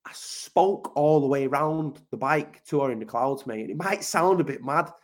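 Brief: English man, Manchester, slightly high voice, blunt, emphatic, sweary, casual podcast guest. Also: normal speed. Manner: blunt, sweary, emphatic, keeps saying mate. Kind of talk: casual conversational interview.

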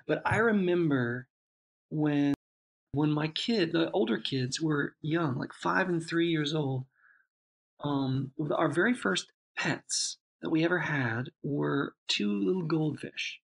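A man, a father, in relaxed conversation, telling a long reflective story with many restarts and asides. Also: fairly high pitch, slow pace, gravelly. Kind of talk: casual chat.

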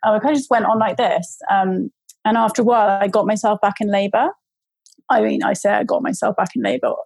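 A woman tells a long personal story in a loose, rambling way, full of fillers and restarts. Her voice has a gravelly, creaky texture at a middle pitch. The sound is dry and close. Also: steady tone, fast talker, a little mellow, no echo, low-quality recording. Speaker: guest telling her birth story. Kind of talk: casual storytelling.

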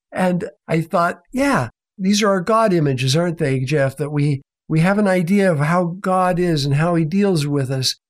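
A middle-aged man telling a faith story in an interview, acting out the people he quotes. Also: fairly high pitch. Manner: animated storyteller, acts out quoted voices. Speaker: author and guest.

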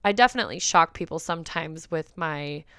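A woman's voice: deep voice, lively intonation, brisk, a bit bright, clear, resonant tone, no echo, studio quality. A young woman hosting her own podcast, talking candidly and bluntly with frequent swearing. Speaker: podcast host and coach. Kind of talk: candid solo podcast talk.

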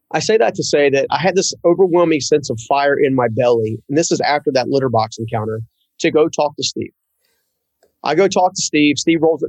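Husky-voiced man telling an earnest story. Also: on the high side, darkish tone, dry recording, low-quality recording. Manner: earnest, halting, repeats words. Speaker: guest. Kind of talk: personal storytelling in an interview.

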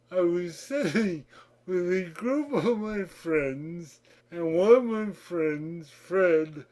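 Slow-talking man with a high voice. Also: mellow. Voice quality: slow, effortful speech from cerebral palsy. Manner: candid, reflective, breaks into laughter. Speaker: podcast guest. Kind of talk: personal storytelling.

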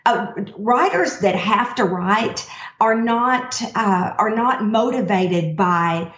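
A woman guest author, effusive and quick to laugh, speaking from heart. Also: mid-range voice, expressive. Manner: warm, effusive, laughs often. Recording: roomy, distant, dull remote line.

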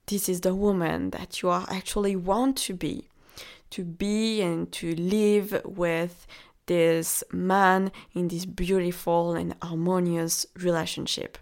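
A woman's voice: lowish voice, fairly even intonation, slow pace, a little mellow. A woman with a French accent, hosting a motivational podcast as a relationship coach and speaking in an encouraging way straight to the listener. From France.

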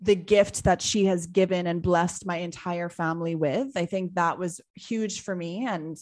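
A woman in her thirties from Trinidad, speaking in a thoughtful interview with many pauses as she searches for words. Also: on the low side, fairly even intonation, darkish tone. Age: 30s. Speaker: guest, business owner. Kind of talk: reflective interview answer.

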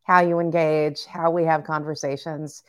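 Podcast host, woman, slightly low voice, eager and encouraging. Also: flat delivery, moderate pace. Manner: warm, enthusiastic, affirming. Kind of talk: podcast interview.

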